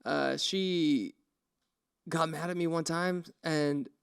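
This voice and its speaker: On the high side and smooth yet creaky, this young male podcast co-host takes his time. In casual conversation he spins stories with animation, performing each quote as he goes.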